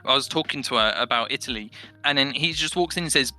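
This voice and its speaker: A young man, a podcast guest, rambling through animated stories and swearing freely in casual chat. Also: medium pitch, quick pace, dry recording, faint music behind. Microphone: headset.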